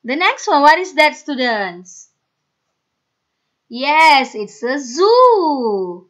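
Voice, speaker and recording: A woman's voice: high voice, very animated, drawn-out words, pauses often, fairly bright tone. A woman teaching a phonics lesson to children, sounding out letters one by one, repeating each word and praising the students. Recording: dull lo-fi recording.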